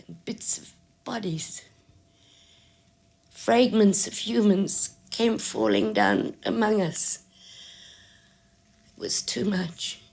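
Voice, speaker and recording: An actress playing a frail, elderly woman who speaks in a slow, measured, quietly insistent way in a film drama. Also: fairly low pitch, full character voice. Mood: grief-stricken. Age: older. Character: frail old woman, gentle and determined. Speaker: caller to a radio show.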